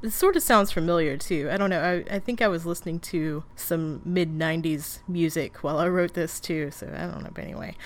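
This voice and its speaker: A woman's voice: fairly low pitch, brisk, hardly any pauses, slight background noise. Giggly woman podcast co-host. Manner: giggly, rambling. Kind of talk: casual chat.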